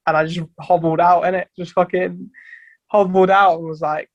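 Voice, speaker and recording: A man's voice: high-pitched, level tone, normal speed, no echo, muffled recording. A young man, a band's singer, chatting casually on a podcast with loose, rambling sentences and frequent swearing. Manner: rambling, swears freely, many restarts. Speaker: band vocalist guest.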